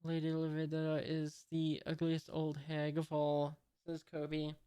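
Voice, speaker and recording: A reader casually reading a comic aloud, hesitant with many "uh"s, even reading out the punctuation marks. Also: medium pitch, measured pace, smooth. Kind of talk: casual read-aloud commentary.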